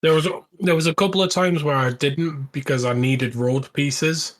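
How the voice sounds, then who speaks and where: Guy with a higher voice, laid back, laughing along on a podcast. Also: steady tone, moderate pace, fairly bright tone, a little hiss or hum. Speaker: podcast co-host. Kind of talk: casual banter.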